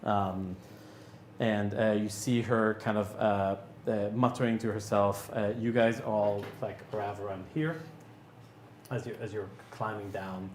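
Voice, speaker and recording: A man narrating a tabletop game as game master, halting with many fillers and restarts. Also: on the low side, fairly even intonation, echoey room, slight background noise.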